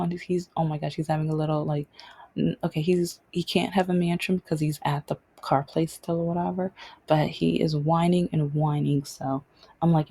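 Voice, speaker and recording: A woman's voice: deep voice, little pitch movement, normal speed, warm tone, slightly rough. A woman hosting her own vlog, telling a personal story in a casual, rambling way with many restarts. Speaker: vlog host.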